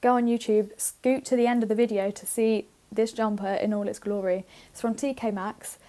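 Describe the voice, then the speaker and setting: Reading out a list on a podcast she co-hosts, a woman with a fairly high, dark voice keeps a fairly even intonation and a moderate pace. She laughs often, plays around, and swears casually.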